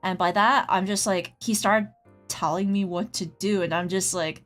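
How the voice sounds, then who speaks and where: A streamer and artist chats casually while drawing, telling a rambling story packed with "like" and pausing to greet her chatters. Her medium-pitched voice is fairly bright, with a steady tone and normal speed, over faint background music.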